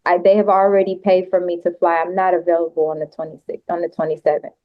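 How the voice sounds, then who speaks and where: A woman's voice: on the low side, flat delivery, fast, phone-quality sound. A woman speaking as a defendant in a court hearing, anxious and pleading, often cutting in over others, heard over a video call.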